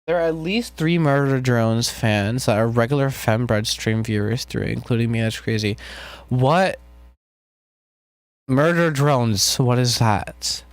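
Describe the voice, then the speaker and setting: A man talks loosely to his live-stream viewers while he builds a track, joking and thinking out loud. His voice sits at an ordinary middle pitch and his tone is relaxed. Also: no room sound. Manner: relaxed, jokey, talks to chat while working. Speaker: music producer streaming. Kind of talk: casual live-stream chat while producing music.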